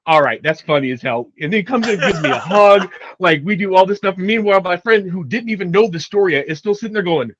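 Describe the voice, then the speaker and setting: A man co-hosting a podcast, telling a long anecdote in a lively casual way, often laughing as he goes. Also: sits high, fast, lo-fi sound. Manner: animated, laughing while telling stories. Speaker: podcast co-host. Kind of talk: casual storytelling chat.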